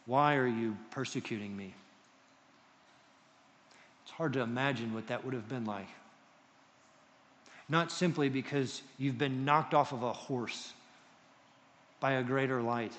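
A male pastor preaching a sermon to a congregation, moving between loud emphasis and hushed tones. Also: mid-range voice, long reverb tail. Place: church hall with congregation.

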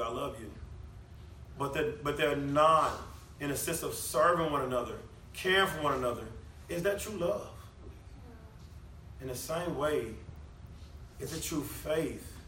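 A man's voice: medium pitch, moderate pace, long pauses, bright, forceful tone, a little hiss or hum. A man preaching a sermon, talking to the congregation conversationally and firing off rhetorical questions. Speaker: pastor. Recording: echoey room, mic at a distance.

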